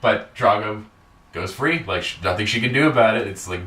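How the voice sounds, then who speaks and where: A man with a fairly low voice talks a little fast as he hosts a podcast, casually recapping a wrestling show with lots of swearing, fillers and rambling. Crowd noise is audible, and the distant mic picks up an echoey room.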